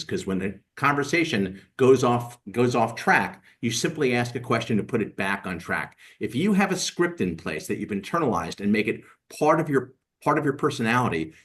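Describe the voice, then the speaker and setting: A middle-aged man on a webinar panel, a real estate agent, giving measured, instructive advice. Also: lowish voice.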